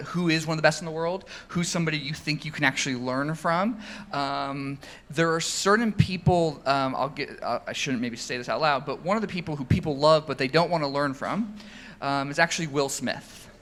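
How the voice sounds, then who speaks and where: Bright, animated man telling a story onstage. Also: a little high, brisk. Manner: animated storyteller, many ums and restarts. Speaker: founder and CEO. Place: event stage before an audience.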